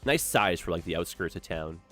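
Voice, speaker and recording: A lowish male voice with lively, bouncing intonation, a young man chatting to his live-stream viewers while he builds a city. He talks casually and upbeat, peppering his talk with "like" and "eh?". Faint music plays behind him. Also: a little fast.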